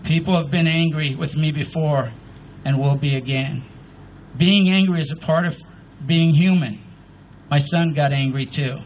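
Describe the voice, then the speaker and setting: A man giving voice to a patient, loving male God speaking to mourners in a measured recitation at an outdoor memorial. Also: on the high side, fairly even intonation, slight background noise, poor audio. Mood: tender.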